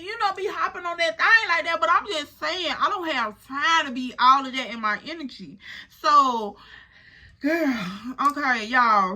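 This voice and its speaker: A young woman with a Chicago accent telling a casual storytime, animated and profane, talking straight to her viewers. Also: high voice, normal speed. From Chicago South Side. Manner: animated, profane, slangy, addresses viewers as girl and y'all. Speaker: storyteller vlogger.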